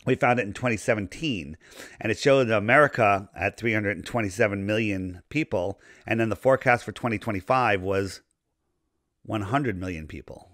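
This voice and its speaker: A man speaking as a podcast guest in casual conversation, talking in a rambling, animated way as he loses his voice. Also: lowish voice, normal speed, no echo, studio quality. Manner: rambling, animated conspiracy talk. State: losing his voice.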